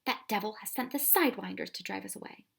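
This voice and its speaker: A woman voicing a kindly older male professor who speaks in a grave, breathy half-whisper. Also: mid-range voice, fast, a bit bright, heavily acted. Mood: grave hushed.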